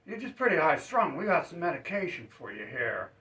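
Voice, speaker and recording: A man's voice: fairly high pitch, big pitch swings, fairly quick, bright, forceful tone, pitched above the performer's own voice, heavily acted. A man putting on a smug condescending doctor. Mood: patronizing. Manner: condescending, soothing, pushes pills. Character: patronizing male doctor, smug and dismissive. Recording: roomy, distant, dull sound.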